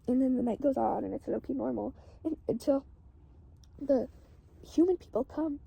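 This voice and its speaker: Woman, very raspy, dark tone, casual rambling storytelling, constant "like". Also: high-pitched, moderate pace, highs cut off.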